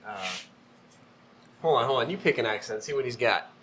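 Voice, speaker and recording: A man's voice: mid-range voice, fairly quick, a crowd in the background. A laid-back man in casual podcast banter, egging the others on. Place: indoors in a warm room.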